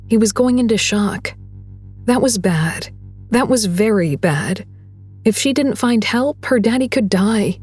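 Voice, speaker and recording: Woman audiobook narrator, breathy, measured, faint music behind. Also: mid-range voice, a little mellow. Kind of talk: scripted story narration.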